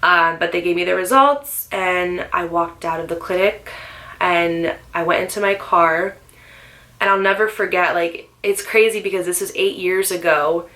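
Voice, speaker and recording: A woman's voice: lowish voice, normal speed, sharp tone. A woman in her twenties telling her own life story in a candid, emotional vlog, full of "like" and "um". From Northeastern US. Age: 20s. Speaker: vlogger.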